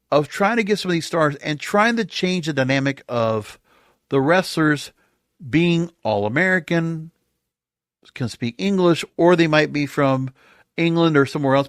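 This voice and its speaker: A man's voice: on the high side, no echo, studio quality. A man hosting a wrestling podcast, delivering a sarcastic, exasperated solo rant full of rhetorical questions.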